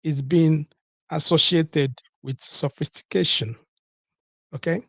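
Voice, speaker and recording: A man's voice: fairly high pitch, fairly even intonation, slow, vocal fry, a bit bright, no echo. A man hosting a solo podcast, talking in a rhetorical way, repeating his points and asking "okay?" to his listeners. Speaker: podcast host.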